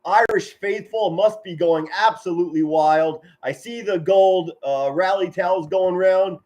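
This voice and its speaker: A middle-aged man giving excited live football play-by-play from home, shouting big plays and chatting warmly with his viewers. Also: high-pitched, a little slow. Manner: enthusiastic, yells touchdown calls, chatty and sentimental with viewers. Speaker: amateur play-by-play commentator streaming live.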